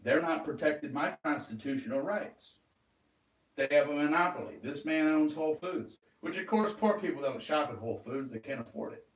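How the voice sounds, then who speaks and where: A man talking in an agitated, rambling monologue, swearing and flaring into loud outbursts. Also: a little high, normal speed, far from the mic. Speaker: vlogger. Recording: roomy echo, away from the mic.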